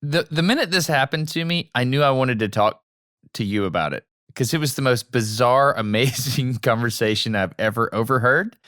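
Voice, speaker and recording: A man co-hosting a podcast in casual chat, telling stories with animated delivery and acting out lines he overheard. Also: mid-range voice, moderate pace, no echo, studio quality. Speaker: podcast co-host.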